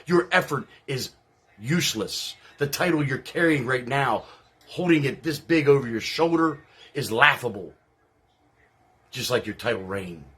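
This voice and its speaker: A man's voice: medium pitch, expressive, measured pace, pushed and bright, husky, exaggerated voice. A man playing a brash veteran wrestler cutting a profane, taunting trash-talk promo. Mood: scornful. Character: salty veteran male wrestler, brash and contemptuous.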